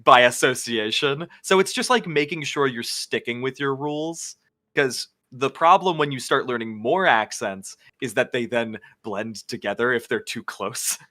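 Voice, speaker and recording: A man's voice: medium pitch, normal speed. A man who works as a voice actor, talking in a casual roundtable chat and slipping into accents as he tells stories. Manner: animated, slips into British and American voices while telling stories. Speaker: voice actor guest.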